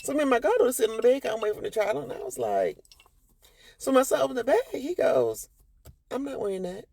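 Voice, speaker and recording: A woman's voice: sing-song, fast, gravelly, darkish tone, breathy edge, dry recording. A woman, telling a personal story to her followers in a sassy, emphatic way and acting out what people said. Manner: sassy, emphatic, acts out quotes with big pitch jumps.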